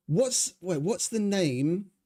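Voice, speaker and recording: A man's voice: sits high, dark tone, slightly rough. A man giving casual, rambling gameplay commentary as a streamer, chatty and swearing freely. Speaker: gaming streamer.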